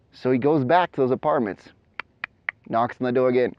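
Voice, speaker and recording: A man's voice: mid-range voice, a little fast, no room sound, highs cut off. A man coaching through a story, talking animatedly while running up a mountain trail outdoors. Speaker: motivational coach. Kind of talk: energetic storytelling vlog.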